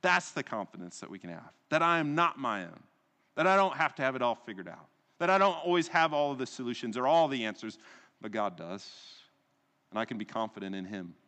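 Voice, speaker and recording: A man's voice: medium pitch, big pitch swings, brisk, pushed and bright, in a large hall. A man preaching a sermon as pastor, with a rhetorical delivery that rises and falls and often ends points with tag questions.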